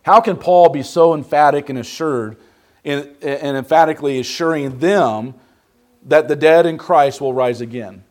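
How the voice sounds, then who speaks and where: A man leads a Bible class in a church classroom, his voice sitting a touch high. He preaches emphatically and keeps stopping to put questions to the class. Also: normal speed. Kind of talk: interactive Bible study sermon.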